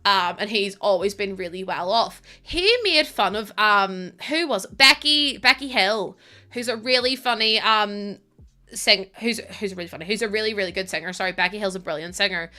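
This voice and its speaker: A young British woman chatting casually to her viewers while she plays a game on a live stream. She talks in an expressive, chatty way, swears freely and laughs often. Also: medium pitch, normal speed. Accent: British English.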